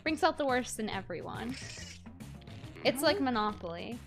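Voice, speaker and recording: A woman's voice: on the high side, animated, normal speed. A woman streaming a party game with viewers, rambling and teasing her chat with bursts of mock outrage. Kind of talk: casual livestream chat. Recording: game music playing behind her.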